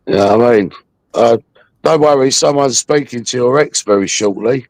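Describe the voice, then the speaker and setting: A man's voice: medium pitch, moderate pace, a little mellow, no echo. A man hosting a livestream, taunting a viewer in a mocking, aggressive rant full of swearing. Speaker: livestream host.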